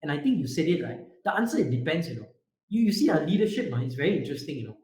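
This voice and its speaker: A man giving an online leadership talk to young people, animated and quizzing his audience. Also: fairly high pitch, rapid-fire, reverberant, rough recording. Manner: animated, asks the group questions, repetitive fillers. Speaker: youth leadership speaker. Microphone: video call.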